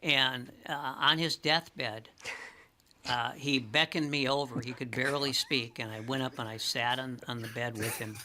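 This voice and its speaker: A man with a strikingly bright, forceful tone spins a rambling story as a talk-show guest. He restarts his sentences often and grows animated as he goes. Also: medium pitch, normal speed, a little hiss or hum. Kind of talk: casual chat, storytelling.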